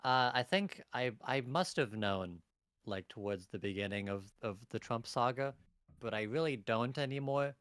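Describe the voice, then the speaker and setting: A man co-hosting a live stream, asking halting, hesitant questions in casual chat. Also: mid-range voice, animated, fairly bright tone, smooth, no room sound, studio quality. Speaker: co-host.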